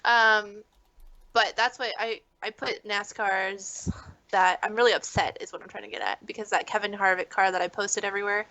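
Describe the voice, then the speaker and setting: A woman's voice: mid-range voice, steady tone, normal speed, pushed and bright, dry recording, low-quality recording. A woman co-hosting a live stream over a video call, easygoing and teasing. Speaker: co-host. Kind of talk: casual live-stream chat.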